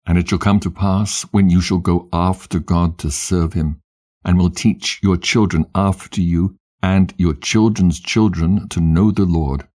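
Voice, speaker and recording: A man reading as the dying patriarch Jacob, deep and solemn. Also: steady tone, a little mellow. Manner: solemn, measured exhortation. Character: dying old patriarch Jacob blessing his sons. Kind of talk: scripted scripture reading.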